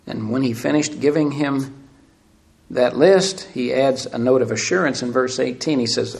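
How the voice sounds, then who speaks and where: A man preaching a sermon, asking emphatic rhetorical questions and swinging between loud and hushed delivery. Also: mid-range voice, normal speed, vocal fry. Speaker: pastor.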